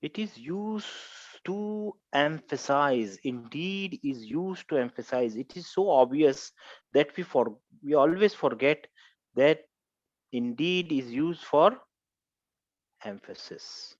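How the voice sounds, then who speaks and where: A man's voice: on the high side, lively intonation, slow pace, dry recording. Male grammar teacher, patient repeater, quizzes the class; dry, muffled lo-fi recording. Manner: repetitive, quizzing students, explains step by step. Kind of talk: classroom lecture.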